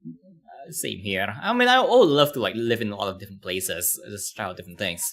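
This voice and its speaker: A man's voice: on the low side, very animated, fairly quick, fairly bright tone. A man streaming casually, commenting on a video with rambling talk full of fillers and laughs.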